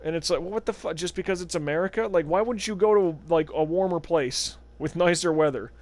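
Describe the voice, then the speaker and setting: Young man, gaming stream commentary, sarcastic, swears a lot, slightly high voice. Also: brisk, a little mellow. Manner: profane, sarcastic, rambling asides. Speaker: gaming livestreamer. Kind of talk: casual let's-play commentary.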